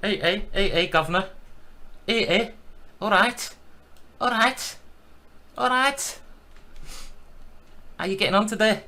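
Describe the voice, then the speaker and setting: A man's voice: sits high, takes it slowly, pauses often, bright, forceful tone, pitched above the performer's own voice, heavily acted. A man putting on a chirpy, sing-song Liverpool accent while greeting someone.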